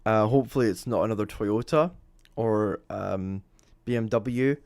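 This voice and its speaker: A man's voice: lowish voice, lively intonation, moderate pace, a little mellow, dry recording. Chatty Scottish man commentating live. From Scotland. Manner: rambling, chatty, lots of ums and self-corrections. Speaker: motorsport livestream host. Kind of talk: live commentary over timing screens.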